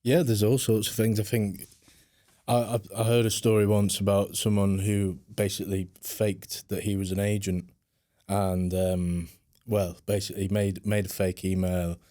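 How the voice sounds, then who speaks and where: A man, a football reporter guesting on a podcast, telling a story in a relaxed, laid-back way. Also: on the low side, normal speed, dry recording, clean studio sound. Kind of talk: casual podcast chat, anecdote.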